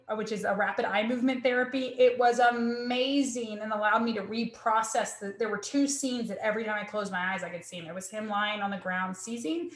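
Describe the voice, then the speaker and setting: A woman in her thirties telling her own story in conversation, earnest and reflective, often quoting her own thoughts aloud. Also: a little high. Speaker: guest sharing her story. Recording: echoey room.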